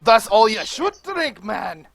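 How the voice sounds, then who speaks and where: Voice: medium pitch, big pitch swings, slow, vocal fry, fairly bright tone, pitched above the performer's own voice, exaggerated voice. A player voicing a boastful, hearty dwarf bard in a tabletop game.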